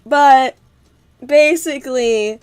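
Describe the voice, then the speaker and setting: A young woman with a high voice talks casually on a livestream. She giggles often and swears freely as she chats. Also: drawn-out words, clean tone. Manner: giggly, swears a lot, bursts into loud laughter. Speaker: livestream co-host. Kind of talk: casual chat.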